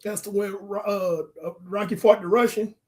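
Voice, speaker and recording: Animated high-voiced man talking sports. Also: normal speed. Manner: animated, joking, acts out movie scenes. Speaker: podcast co-host. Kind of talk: casual sports chat.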